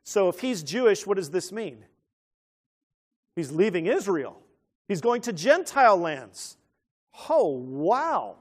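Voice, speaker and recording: A man preaching an animated teaching sermon who keeps asking his listeners questions. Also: high-pitched, slow, long pauses.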